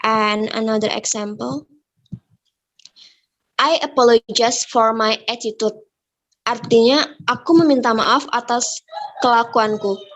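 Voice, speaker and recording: A woman's voice: fairly high pitch, steady tone, unhurried, pauses often, a bit bright. A young woman with an Indonesian accent giving a student presentation, hesitant and full of fillers, switching between English and Indonesian. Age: young adult. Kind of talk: classroom presentation.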